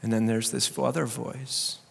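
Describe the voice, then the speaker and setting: A man pastor giving a sermon, swinging between loud, urgent preaching and quiet emphasis. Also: mid-range voice, flat delivery, measured pace, gravelly, slight background noise. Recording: long hall reverb.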